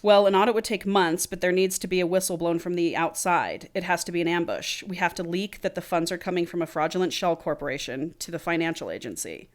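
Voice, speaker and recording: Woman reading as a brisk scheming heroine. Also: on the low side, animated, lightly acted. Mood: determined. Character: sharp scheming young woman, unflinching.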